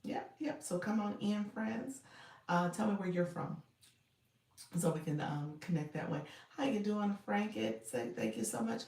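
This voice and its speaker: A woman hosts a casual home livestream, speaking low and soft, almost in a whisper. Her voice is a bit gravelly and she greets viewers one by one. She sits back from the mic in an echoey room. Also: animated, measured pace, distant mic. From Florida. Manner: talks softly and low, near a whisper; chatty, greets viewers by name. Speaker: livestream host and coach.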